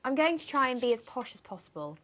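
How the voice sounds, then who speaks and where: A woman's voice: high-pitched, very animated, fast talker, a bit bright. A young woman co-hosting a casual podcast, giggly and teasing. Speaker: podcast co-host.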